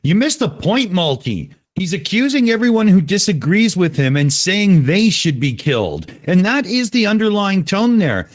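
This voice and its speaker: A man's voice: sits high, sing-song, moderate pace, hardly any pauses. A man hosting a live stream, scornful and profane. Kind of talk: heated live stream chat.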